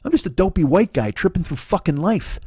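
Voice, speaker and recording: A man's voice: high voice, lively intonation, brisk, mellow, husky, no room sound, clean studio sound. A man in his forties hosting a comedy podcast, ranting in a profane, rambling way with frequent stammered restarts. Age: 40s. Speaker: podcast host. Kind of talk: comedic rant monologue.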